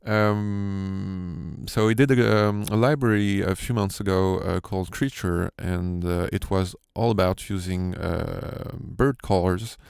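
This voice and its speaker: A low-voiced man with a French accent talks slowly through a tutorial walkthrough, pausing often on fillers and restarts. His voice has a gravelly edge yet stays smooth, and the room is dry. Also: a little mellow, no room sound. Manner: hesitant, many fillers and restarts. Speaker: sound designer. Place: home studio.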